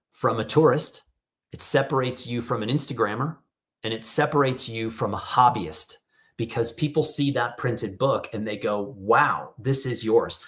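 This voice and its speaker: Over a video call, a middle-aged workshop host leads an online photography session, spinning casual stories and voicing the people in them. He speaks at medium pitch with a slightly bright tone.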